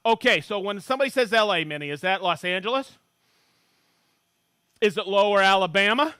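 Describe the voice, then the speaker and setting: A chatty middle-aged man from Maine runs a live tool demo with a fairly high, bright voice. He jokes along and reads out viewers' hometowns with sudden excited bursts. The sound is dry and close, with no room echo. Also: fairly quick, clean tone. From Maine, USA. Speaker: livestream host demonstrating tools.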